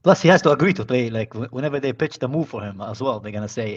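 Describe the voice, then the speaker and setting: Male stream co-host, fast and lively, casual banter, muffled low-fi audio. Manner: animated, talks over others, says "bro" and "man" a lot. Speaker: podcast co-host. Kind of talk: casual chat.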